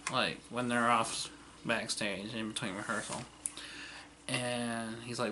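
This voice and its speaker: In a loose vlog, a man talks through an old TV series at a slow pace, pausing often and keeping his intonation fairly even. His middle-pitched voice is bright and forward, sprinkled with fillers and chuckles, and faint noise hums underneath.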